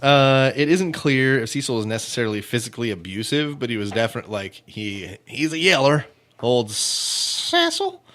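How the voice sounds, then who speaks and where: A man's voice: mid-range voice, brisk, few pauses, a bit bright. A man hosting a true-crime comedy podcast, joking casually and laughing often. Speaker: podcast host.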